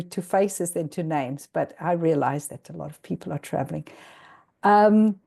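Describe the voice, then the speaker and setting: A woman's voice: on the high side, darkish tone. A middle-aged woman with a South African accent gives an informal, hesitant presentation to an audience listening through a translator, with many ums and restarts, apparently over a video call. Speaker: guest speaker.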